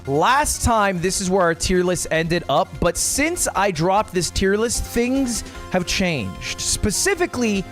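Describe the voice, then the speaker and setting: A man streaming casual commentary in a slightly high voice that swings up and down a lot. He jokes, swears freely and stays animated, with faint music playing underneath. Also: slow, hardly any pauses. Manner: animated, joking, profane. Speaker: streamer ranking products.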